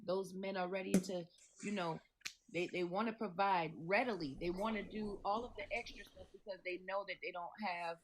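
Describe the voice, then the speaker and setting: A woman's voice: mid-range voice, fairly even intonation, normal speed, rough recording. Emphatic, lecturing woman with faint noise. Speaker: panelist. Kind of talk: live-stream debate.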